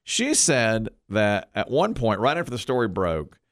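A man's voice: lowish voice, sing-song, measured pace, a bit bright, no echo, studio quality. A middle-aged man hosting a talk show, chatting casually and telling a story, acting out the quotes. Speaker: radio show host.

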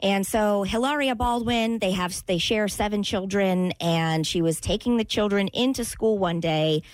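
A woman's voice: mid-range voice, normal speed, no room sound. A woman hosting a radio talk show, retelling a news story in a chatty way with some fillers. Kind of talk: casual chat.

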